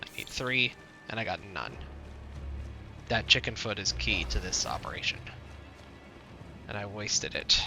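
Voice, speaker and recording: A man's voice: fairly low pitch, expressive, measured pace, vocal fry, pauses often, pushed and bright. Grumbling man over game music. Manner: grumbling, easily frustrated. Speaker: gameplay commentator. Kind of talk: casual gameplay commentary.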